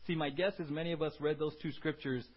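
A male pastor preaching a sermon, animated, swinging between loud emphasis and quiet low asides. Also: fast talker, breathy edge, muffled recording.

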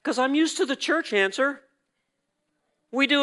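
A man giving a sermon testimony to a congregation, acting out the dialogue of his story and swinging between quiet reflection and loud, emphatic bursts. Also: extremely high pitch, lively intonation, measured pace. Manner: storytelling that acts out quoted dialogue. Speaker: church speaker sharing a testimony. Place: church service.

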